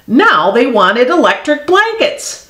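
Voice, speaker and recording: A woman's voice: fairly low pitch, sing-song, slow, a bit bright. A woman reading a children's picture book aloud expressively, voicing animal sound effects. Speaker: storyteller. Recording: echoey room.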